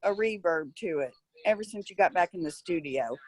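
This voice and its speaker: A woman's voice: on the low side, expressive, brisk, a crowd in the background. A woman co-host bantering casually on a podcast. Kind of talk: casual chat.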